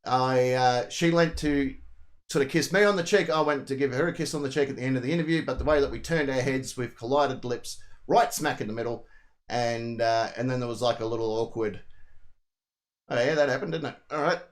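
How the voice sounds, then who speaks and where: A man's voice: medium pitch, brisk. Australian man rambling through an anecdote. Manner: rambling, animated anecdote telling with swearing. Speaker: co-host. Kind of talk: casual comedic chat.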